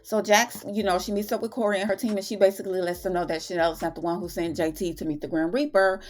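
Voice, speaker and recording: A woman's voice: medium pitch, fairly even intonation, quick pace. A woman hosting her own review channel, chatting through a TV episode recap with dramatic retellings and slangy asides. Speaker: TV and film review channel host.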